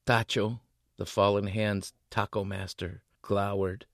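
A male author reading his novel aloud in an expressive way, voicing the characters. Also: low voice, a little slow, vocal fry, no room sound, clean studio sound.

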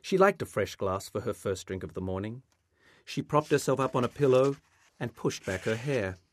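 Close to the microphone, a man reads a passage from his own literary novel. His delivery is measured and expressive, at a medium pitch.

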